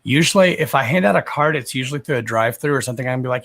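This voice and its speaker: A man's voice: medium pitch, racing, gravelly, hardly any pauses, fairly bright tone. A young man hosting a psychic reading livestream, chatting casually with viewers by name, swearing freely and laughing often.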